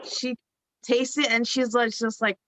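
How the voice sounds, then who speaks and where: A woman's voice: fairly high pitch, a little slow. A woman telling a funny story in casual chat, laughing and acting out the quotes. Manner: animated, laughing, acts out quotes.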